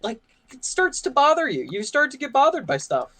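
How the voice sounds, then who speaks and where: A man's voice: extremely high pitch, huge pitch swings, brisk, bright, forceful tone. A young man casually telling a work story on a gaming podcast, rambling and full of "like" and "you know". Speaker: podcast co-host.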